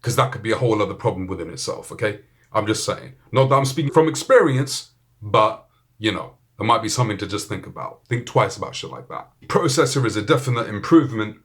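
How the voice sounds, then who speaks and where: A British man gives a laid-back, joking review of a gadget, full of banter and swearing. His voice sits fairly low and sounds a bit bright, and he talks fast in an animated way.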